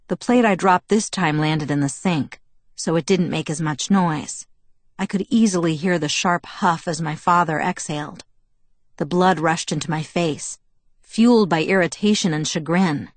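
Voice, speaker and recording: A woman reading a first-person novel aloud in a measured storytelling manner. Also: on the low side, no echo. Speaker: audiobook narrator.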